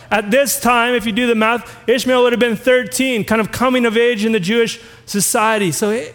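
Pastor, male, very high voice, sermon with scripture readings and questions to the room, long hall echo. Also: brisk, hardly any pauses, a bit bright. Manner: reads scripture aloud and asks the listeners questions.

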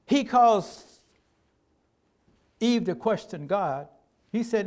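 High-voiced, emphatic older preacher man. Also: expressive, drawn-out words, long pauses, a little mellow. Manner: folksy, emphatic preaching with colloquial speech. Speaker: pastor. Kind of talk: sermon.

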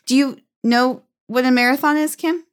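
A woman's voice: sits high, fairly even intonation, normal speed, clear, resonant tone. A woman hosting a podcast in casual chat, upbeat and teasing. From United States. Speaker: podcast host.

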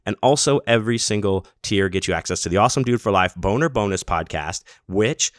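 A middle-aged man, a podcast host, giving casual, enthusiastic shout-outs full of slang and bursting louder on names. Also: lowish voice, expressive, brisk, no room sound, clean studio sound.

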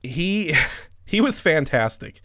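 A man's voice: on the high side, takes it slowly, no room sound. Man, casual storyteller, swears a lot, laughs often, dry close sound. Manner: profane, animated, laughs often. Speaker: podcast host telling a story.

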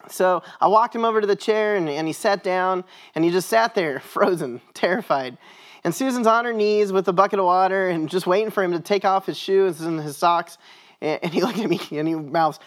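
A man's voice: high-pitched, a little fast. A man, a pastor, giving a sermon in church, telling a story in a conversational way.

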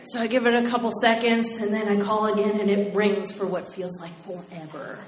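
A woman from Oklahoma telling a personal story to a live audience, animated and acting out voices. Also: mid-range voice, a little fast. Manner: animated, acts out voices and laughs. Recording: roomy live venue, faint noise.

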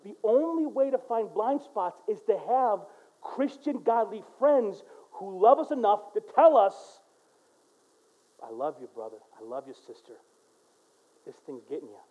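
Emphatic pastor swinging from hush to loud. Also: male voice, high voice, very animated, a little slow, highs cut off. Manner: swings from hushed prayer to loud emphatic exhortation. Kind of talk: sermon.

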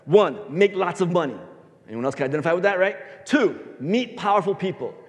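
A man's voice: high-pitched, lively intonation, brisk. Preaching man in a reverberant hall. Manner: storytelling, varies loudness for emphasis. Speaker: pastor. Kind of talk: sermon. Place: church sanctuary.

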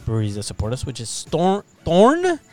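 A man's voice: mid-range voice, expressive, normal speed, soft background music. A man co-hosting a casual podcast, joking and teasing his friends. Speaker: podcast co-host.

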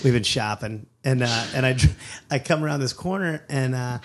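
A middle-aged man telling a comic story in conversation, animated and acting out the people in it. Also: medium pitch, normal speed. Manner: animated, acts out characters, many restarts. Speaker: comedian, storyteller.

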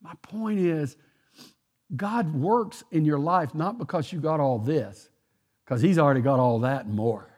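A man's voice: on the high side, a little slow, darkish tone. An older man from Texas with a Texan accent preaching a sermon in a church, folksy and joking, repeating his points for emphasis. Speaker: pastor. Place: church sanctuary.

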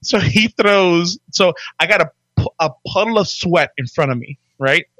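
A man in his forties telling stories in a casual chat, animated, barking out impressions of drill instructors. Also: high voice, normal speed, no room sound. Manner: animated, acts out drill instructors in loud barks. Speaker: podcast guest telling his life story.

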